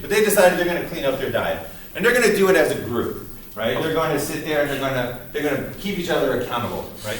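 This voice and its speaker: A man's voice: mid-range voice, fairly bright tone. A man giving a casual recorded university psychology lecture, with many fillers, often acting out quoted lines as he explains. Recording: roomy echo, voice from a distance, faint noise.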